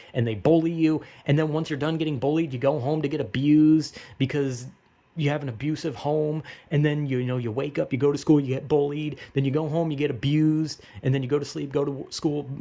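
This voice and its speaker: Young guy rambling to camera, swears a lot, trips over words, gravelly voice. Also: medium pitch, darkish tone. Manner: blunt, profane, rambling with stammers and restarts. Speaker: vlogger. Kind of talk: unscripted rambling monologue.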